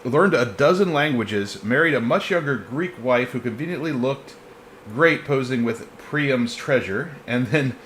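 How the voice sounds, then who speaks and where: A man's voice: medium pitch, expressive, measured pace, a bit bright, slight background noise. A man hosting a live history podcast in a casual, joking way, often laughing between points. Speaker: podcast host presenting the topic.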